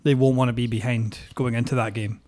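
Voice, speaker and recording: A man's voice: mid-range voice, fairly even intonation, a little fast, a little mellow, slight background noise. A Scottish man co-hosting a casual football podcast, blunt and sweary, full of banter. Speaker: podcast co-host.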